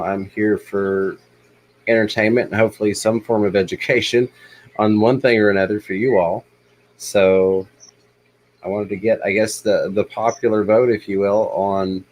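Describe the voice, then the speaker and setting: Low-voiced guy hosting a chill livestream, rambly with lots of ums, faint hum behind. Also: rough recording. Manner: relaxed, rambling, many ums. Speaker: livestream host. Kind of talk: casual livestream chat.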